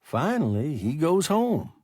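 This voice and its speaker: A man voicing a calm, philosophical, large and sluggish alien creature that speaks in a measured, formal way in an audiobook. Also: fairly high pitch, dry recording, studio quality, voice pushed up, exaggerated voice. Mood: calm reasoning.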